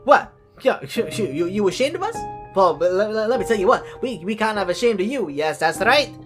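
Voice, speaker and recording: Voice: medium pitch, big pitch swings, fairly quick, close to an everyday voice. A performer voicing an indignant churchgoing sister who scolds her brother in a stammering, accusing manner, over music. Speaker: church member. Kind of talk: comedy sketch acting.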